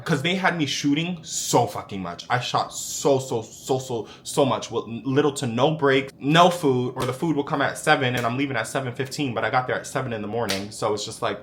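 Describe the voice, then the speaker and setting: A young man telling a story to camera in a sassy, animated, profane way. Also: medium pitch, a little fast, few pauses, slight background noise. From United States. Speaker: vlogger.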